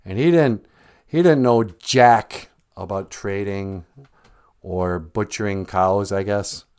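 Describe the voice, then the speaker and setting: A man's voice: fairly low pitch, slow pace, a little mellow, smooth. A man hosting a podcast livestream, telling a folk tale in a jokey, folksy, casual way and laughing often. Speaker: podcast host and storyteller.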